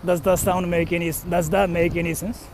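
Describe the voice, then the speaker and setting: A young freelance translator and voice actor walks outdoors along a street to a station, rambling casually into a handheld phone for a vlog with fillers and self-questioning. His high-pitched voice is brisk and a little mellow, with little pitch movement and slight background noise.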